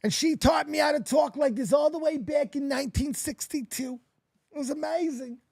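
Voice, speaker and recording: A man doing a raspy, theatrical old woman who claims to be a vocal coach. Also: very high-pitched, normal speed, darkish tone, dry recording, clean studio sound, voice pushed up. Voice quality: smoky, raspy.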